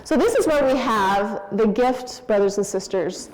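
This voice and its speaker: A woman's voice: mid-range voice, lively intonation, a little slow, a little mellow. A woman in her forties giving a candid, anecdotal talk on parenting as a church speaker, in a church hall. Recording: long hall reverb.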